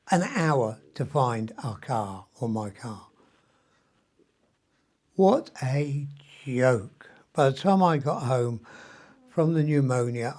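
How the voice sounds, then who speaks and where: In his seventies, a vlogger meanders through a personal video diary, chatty and full of ums with the odd mild curse. His voice has an ordinary middle pitch and a darkish tone, and he sounds worn out and short of breath, as if still recovering from illness.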